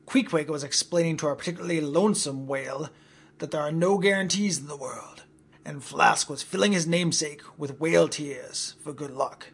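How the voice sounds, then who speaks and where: A man narrates a comic tale in a deadpan way. His voice is gravelly and husky, and a little higher than usual. He reads the story straight and lets the jokes land on their own. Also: normal speed.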